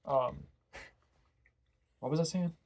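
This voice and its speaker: A man's voice: on the high side, wildly swooping pitch, slow pace, gravelly, a little mellow. A man co-hosting a casual chat, laid-back and slangy.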